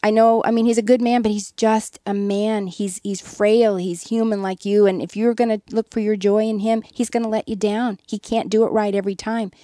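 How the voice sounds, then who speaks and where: A woman's voice: mid-range voice, level tone, moderate pace, hardly any pauses, mellow, no echo, clean studio sound. A woman guest on a radio interview, telling a candid, earnest story about her own life and poking fun at herself. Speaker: guest, author.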